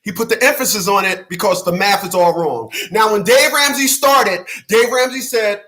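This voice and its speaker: High-pitched man ranting hard. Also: moderate pace, hardly any pauses, poor audio. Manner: loud, emphatic, laughs often, repeats himself. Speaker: channel host. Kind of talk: heated commentary rant.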